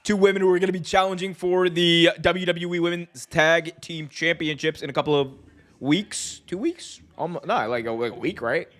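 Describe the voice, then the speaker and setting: Excitable high-voiced male reaction host. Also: normal speed. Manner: excitable, slangy, breaks into laughter. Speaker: host of a wrestling watch-along. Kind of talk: live reaction commentary.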